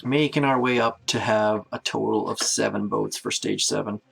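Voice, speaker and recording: A man's voice: on the low side, fairly even intonation, normal speed, creaky, fairly bright tone, slightly rough. A man from Canada giving chatty live commentary while playing a strategy game, greeting viewers as he goes. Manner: chatty, self-narrating, greets viewers by name. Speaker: game streamer.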